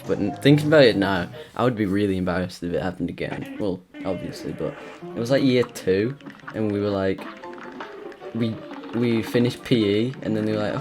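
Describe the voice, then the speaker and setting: This British gamer has a lowish voice and a brisk delivery, chatting casually and rambling through a personal story mid-play. He uses lots of fillers and restarts while game music runs underneath.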